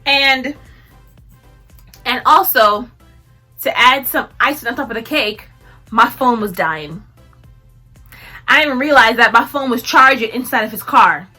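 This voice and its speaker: A young woman recounts a personal story in a casual vlog, her voice high and bright. She laughs often and acts out what each person said, with faint music behind her. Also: measured pace, long pauses. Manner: animated, laughing often, acting out quotes. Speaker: vlogger telling a story. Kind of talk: casual storytime while tweezing.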